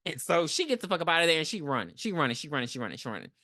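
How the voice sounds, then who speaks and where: A woman's voice: low voice, very animated, racing, pushed and bright, no room sound, clean studio sound. A young woman co-hosting a podcast, recapping a movie in casual chat and acting out the characters in big voices. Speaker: podcast co-host.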